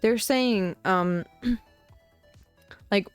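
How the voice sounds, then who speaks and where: Young woman rambling on stream while painting, lots of "like", mid pitch, dry sound, faint music behind. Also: a little slow, long pauses, no echo. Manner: rambling and chatty, heavy on "like" fillers. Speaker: VTuber streamer. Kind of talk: casual chat while painting miniatures.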